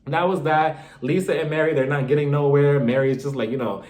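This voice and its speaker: A man's voice: on the high side, a little fast, hardly any pauses, a little mellow. A man chatting casually and gossipily to his viewers, recapping an episode and calling them y'all. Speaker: reality TV recap vlogger. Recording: echoey room.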